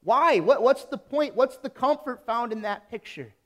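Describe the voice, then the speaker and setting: A man preaching a sermon as pastor, emphatic and deliberate, building on repeated phrases. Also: very high voice, a bit bright.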